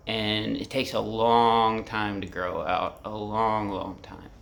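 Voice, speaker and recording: A man in his forties talks candidly to the camera about his feelings in a vlog recorded in his apartment. His voice is fairly low, gravelly and a bit bright, with a flat, slow delivery. He rambles, swears freely and leans heavily on fillers.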